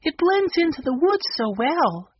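A man doing a soft, gentle young girl. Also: extremely high pitch, very animated, a little slow, muffled recording, pitched above the performer's own voice, heavily acted.

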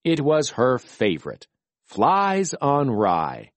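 Man, children's storybook narrator, gentle reading, slow, dry close sound. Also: mid-range voice, wildly swooping pitch, dry recording.

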